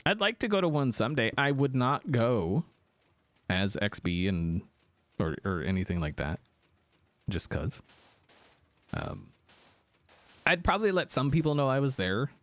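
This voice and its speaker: Low, lively man with a sick voice. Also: unhurried, long pauses. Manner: chatty and rambling, with frequent ums and easy laughs. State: slightly sick voice with a lingering cough. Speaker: game streamer. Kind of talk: casual livestream chat answering viewers.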